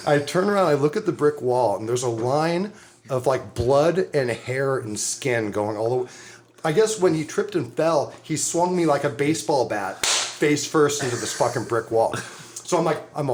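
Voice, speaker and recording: A man's voice: mid-range voice, lively intonation, moderate pace, slight background noise. A middle-aged man, telling a wild party story on a podcast, swearing, laughing and acting out what people said. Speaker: podcast co-host. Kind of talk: animated storytelling, casual chat.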